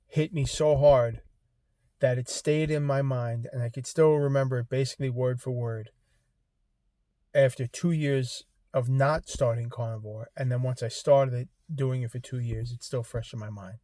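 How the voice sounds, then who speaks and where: A man in his fifties, making a heartfelt vlog appeal to his viewers, halting and choked up, fighting back tears. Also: mid-range voice, dark tone, no echo. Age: 50s. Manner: halting, many ums and restarts. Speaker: vlogger. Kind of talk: emotional personal vlog appeal.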